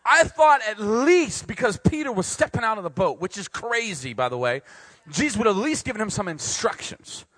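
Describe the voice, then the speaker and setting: A young man preaches with a fairly high, husky voice that leaps all over its range. He jokes and acts things out, then drops to quiet, earnest points. The sound is dry and close. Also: normal speed, hardly any pauses, dry recording. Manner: animated and joking, swings between loud and quiet. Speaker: pastor speaking to university students. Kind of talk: sermon.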